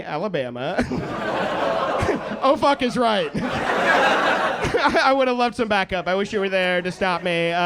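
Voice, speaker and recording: A man's voice: high voice, heavy background noise. A man born in India doing a self-mocking stand-up set on a club stage, chatting with the crowd. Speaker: stand-up comedian. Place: comedy club stage with a laughing audience. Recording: loud crowd laughter behind.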